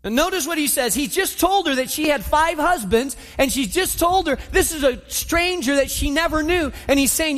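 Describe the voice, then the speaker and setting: A man's voice: extremely high pitch, moderate pace, few pauses. A male pastor preaching a sermon, telling the story vividly and acting out the scene. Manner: animated storytelling, acts out the scene. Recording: long hall reverb.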